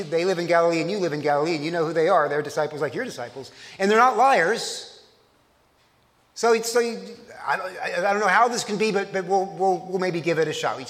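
A man's voice: high voice, a bit bright, long reverb tail. A man preaching a sermon at a church service, telling the story in a conversational way and putting questions to his listeners.

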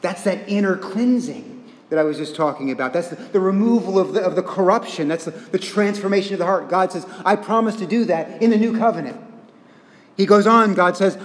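A man delivers an earnest expository sermon in a fairly high voice. He leans into quiet, deliberate emphasis and then builds to rising intensity. The sound carries a long, echoing reverb from a large hall. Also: animated. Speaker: pastor.

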